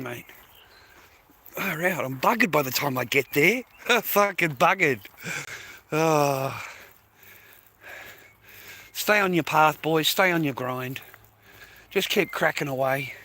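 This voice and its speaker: Walking to a bus stop in the early morning, a weary middle-aged man with an Australian accent gives his viewers a casual, rambling monologue. He swears heavily and addresses them as "mate" and "boys," in a slightly high, pushed, bright voice.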